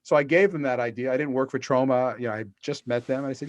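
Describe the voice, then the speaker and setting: A middle-aged man telling business stories as a guest over a video call. His voice sits mid-range and comes through dry and close, with no room sound. He slips into lively voices for the people he quotes. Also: medium pitch, quick pace, no room sound, dull audio. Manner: animated storyteller, acts out quotes. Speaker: guest, author.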